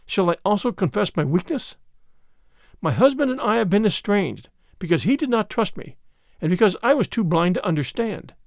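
A man's voice: high-pitched, big pitch swings, moderate pace, gravelly, no echo, studio quality, heavily acted. A man voicing a desperate noble lady who pleads earnestly for help. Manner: pleading, urgent.

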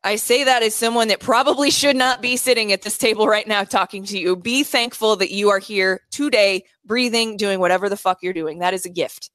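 A woman's voice: mid-range voice, brisk, hardly any pauses, fairly bright tone, no echo. Blunt, swearing woman podcast co-host. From Nebraska, USA. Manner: swears a lot, blunt and emphatic. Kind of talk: casual chat. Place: indoors at a co-host's house.

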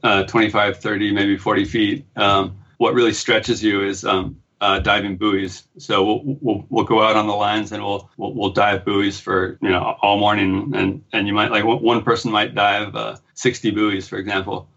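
An American man with a halting, restart-filled manner, talking as a guest in a casual interview. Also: on the low side, little pitch movement, fairly bright tone, husky. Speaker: guest, pearl diver and surf photographer. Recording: dull lo-fi audio.

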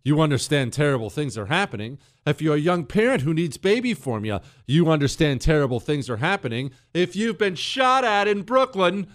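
A man hosts a political talk radio show in a studio and works through his point with a hypothetical story and a string of rhetorical questions. His voice sits a little high and swings widely in pitch. The sound is dry and close to the mic. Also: no echo. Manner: animated storytelling with mock quotes and rhetorical questions. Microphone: studio microphone.

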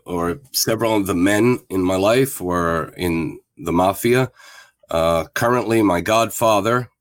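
A man's voice: sits low, dry recording. A man in his fifties, a guest telling a candid personal story in a plain-spoken, reflective way. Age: 50s.

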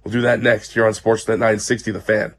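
A man hosting a sports radio show, his voice a little muffled, with friendly, brisk on-air patter. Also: fairly low pitch, flat delivery.

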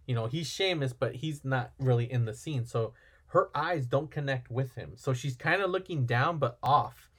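A man's voice: mid-range voice, normal speed, fairly bright tone, slightly rough. A man chatting casually as a podcast co-host, retelling a film plot in a rambling way and acting out the characters' lines. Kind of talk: casual movie recap chat.

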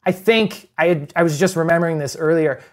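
A man's voice: a little high, fairly quick. A man telling rambling, self-deprecating stories as a guest on a casual podcast. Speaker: guest, former stand-in.

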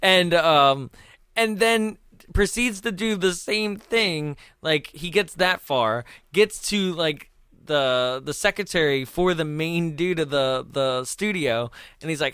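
A man hosting a film commentary chat, telling a story in a lively way, acting out quotes and laughing often. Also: a little high, slow pace, smooth, dry recording, clean studio sound. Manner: animated, acts out quoted voices, laughs often. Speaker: film commentary podcast host.

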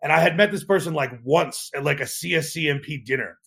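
A man, a startup co-founder, telling an animated story in a podcast interview, acting out quotes with frequent restarts. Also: on the high side, quick pace, creaky, breathy edge.

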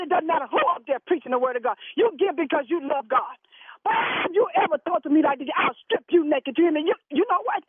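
A woman's voice: high voice, no echo. A woman playing a sassy secretary, scolding a caller over the phone. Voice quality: preachy, scolding, sharp-tongued. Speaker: church secretary answering the phone. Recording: tinny phone line, dry.

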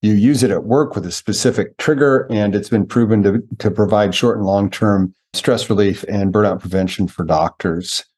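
A man hosting a conversational podcast. His voice has a husky, breathy edge, and he tells anecdotes with lively emphasis, slowing down on key points. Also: fairly low pitch. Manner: animated storyteller, slows down for emphasis. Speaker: podcast host. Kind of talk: conversational interview.

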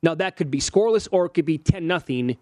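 Fairly high-pitched and animated, he talks fast in a mellow voice, with no room sound. He's a man in his forties co-hosting a sports betting show, casually and analytically reeling off odds and stats.

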